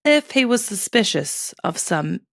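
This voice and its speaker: A woman co-hosting a podcast, reacting with cheeky, quick wisecracks in casual banter. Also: medium pitch, sing-song, gravelly, a bit bright. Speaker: podcast co-host.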